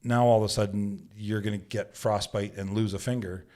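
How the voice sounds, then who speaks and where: Animated low-voiced man telling bush stories. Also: normal speed. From Canada. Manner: animated storyteller who acts out quotes, says "right?" often. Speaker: podcast guest, Yukon bushman. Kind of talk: casual storytelling. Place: podcast studio.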